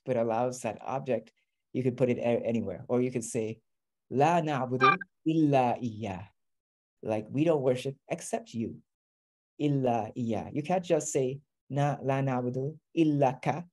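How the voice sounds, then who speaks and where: A man's voice: medium pitch, moderate pace. A man teaching a beginner class, explaining patiently step by step. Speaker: Arabic teacher.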